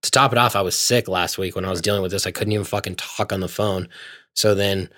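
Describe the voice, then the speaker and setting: A man with a low voice tells a story at length in a casual chat, animated and full of swearing. The sound is dry and close. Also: quick pace, no room sound.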